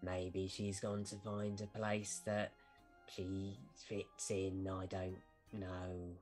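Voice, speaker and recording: A man as a low-voiced, musing stallholder. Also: completely flat delivery, slow pace, a little mellow, faint music behind. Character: wistful male carnival stallholder. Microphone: video call.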